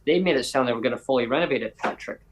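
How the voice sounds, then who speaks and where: A man chats his way through a long, rambling story, stopping to act out what others said and restarting his sentences as he goes. His voice sits at an ordinary middle pitch, neither high nor low. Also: racing, background noise. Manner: rambling anecdote teller with voiced quotes and self-corrections. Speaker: podcast host. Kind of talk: casual storytelling chat.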